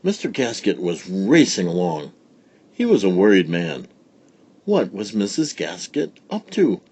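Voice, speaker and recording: A man reading a children's story aloud in a playful, expressive way. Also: deep voice, a little slow.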